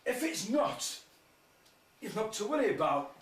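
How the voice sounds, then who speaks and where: A man voicing a calm, reasoning old talking cat. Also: high voice, measured pace, recorded from a distance, voice pushed up, exaggerated voice. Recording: roomy hall, mic from afar, faint noise.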